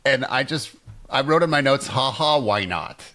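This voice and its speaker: Male co-host, bright husky voice, animated, dry mocking comedy delivery. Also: medium pitch, normal speed. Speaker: podcast co-host. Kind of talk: comedic recap chat.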